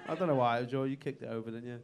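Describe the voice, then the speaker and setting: A man's voice: mid-range voice, rapid-fire. A male stand-up comedian doing crowd work on a club stage, teasing the audience with crude, cheeky banter.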